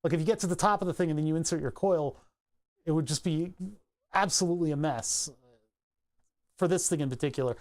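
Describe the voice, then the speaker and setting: A man's voice: fairly high pitch, brisk, long pauses, darkish tone. A man with a Philadelphia accent chatting casually on a livestream, rambling through tangents and laughing easily. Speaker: streamer.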